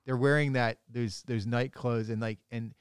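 A man's voice: medium pitch, steady tone, normal speed, smooth, no room sound, clean studio sound. A man, a priest co-hosting a podcast, chatting casually and rambling, often restarting his sentences. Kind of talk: casual chat.

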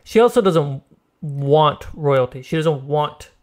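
Podcast co-host, male, somewhat high-pitched, quick explainer. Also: expressive, a little mellow. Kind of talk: casual chat.

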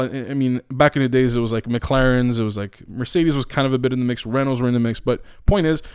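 A man's voice: medium pitch, clean tone, no room sound, clean studio sound. A young man hosting casual commentary, rambling, opinionated and profane. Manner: rambling, profane, many fillers and restarts; opinionated and animated. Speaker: podcast host.

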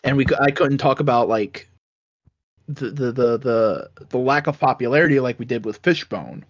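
A man's voice: mid-range voice, expressive, normal speed. Blunt, stumbling male podcast co-host. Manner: blunt, swears, stumbles over words. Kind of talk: casual podcast chat. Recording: dull lo-fi sound.

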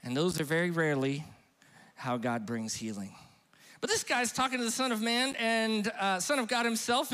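Middle-aged pastor in a reverberant hall. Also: male voice, sits high, a bit bright. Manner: conversational, self-mocking, chatty with the congregation. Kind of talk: humorous storytelling sermon. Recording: long reverb of a large hall.

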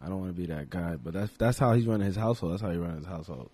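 A young man co-hosting a podcast, trading crude, profane jokes with frequent laughter and animated storytelling. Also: sits low, rapid-fire, slightly rough. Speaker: podcast co-host. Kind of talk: crude casual banter.

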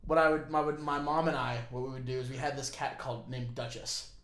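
A young man in casual chat, joking around, swearing and now and then shouting. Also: mid-range voice, steady tone, a little fast. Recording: echoey room.

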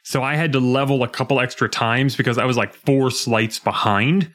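A young man in casual podcast chat about a game. He talks in an animated way, his voice leaping high when he acts out characters' lines. His pitch sits in the middle for a man. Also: normal speed. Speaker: podcast co-host.

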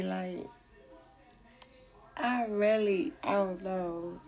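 Give me a woman hosting a casual podcast, slow-paced with a gravelly edge, laughing a lot and talking to her listeners. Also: low voice, darkish tone, poor audio. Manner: laughs often, talks to listeners as y'all. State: sore throat. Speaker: podcast host. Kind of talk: casual solo podcast commentary.

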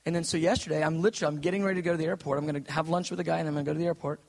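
A middle-aged man preaching a sermon, moving from an earnest prayer into a lively personal story, intense and direct. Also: a little high, rapid-fire, vocal fry. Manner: intense, earnest, quotes others in put-on voices.

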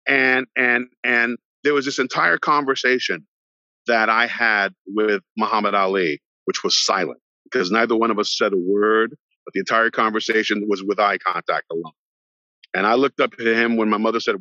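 On a podcast, a middle-aged actor brings a long tale to life briskly, performing each character's voice. His pitch is fairly low, and the sound is dull, lo-fi, and dry, with no room ambience.

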